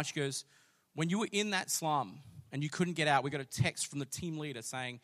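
A man's voice: mid-range voice, fast talker. A man, preaching a sermon and telling a story with rising passion. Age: late 30s. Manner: storytelling, builds to loud passionate declaring. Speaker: pastor.

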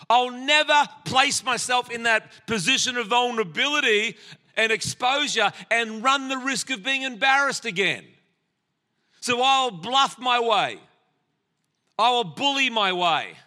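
An Australian man in his sixties delivers a sermon, weaving personal stories and jokes aimed at the people in front of him. His voice sits high for a man. It has a sharp, very bright edge. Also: expressive, unhurried. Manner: storytelling with humor, addressing the congregation.

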